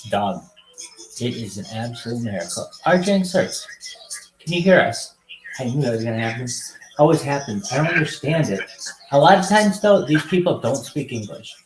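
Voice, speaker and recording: A young man hosts a casual livestream, calling out loud, excited hellos to strangers on video chat. His voice sits at an ordinary middle pitch. A roomy echo hangs around every word. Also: moderate pace, over music. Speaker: livestream host.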